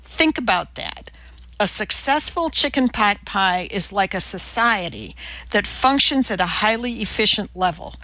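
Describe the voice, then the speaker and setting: Woman narrator, deadpan and exact, slow and bright, dry lo-fi audiobook. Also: medium pitch, no echo. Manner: deadpan, precise, lecturing delivery. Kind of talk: scripted narration. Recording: dull lo-fi dry audiobook recording.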